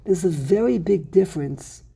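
A man's voice: sits high, lively intonation, normal speed, gravelly, warm tone, husky. A man teaching a Torah text class, explaining verses emphatically and repeating words for stress. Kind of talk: Talmudic-style text study class.

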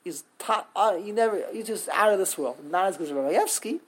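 A woman with a husky, medium-pitched voice and lively intonation teaches a text study class. Her explanations of grammar come with words sounded out slowly syllable by syllable and frequent restarts.

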